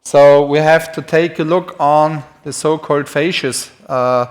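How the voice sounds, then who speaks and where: A man's voice: fairly high pitch, steady tone, a little slow. A man who speaks natively gives a live-streamed anatomy lecture in English, chatty and self-deprecating, writing on a board as he talks.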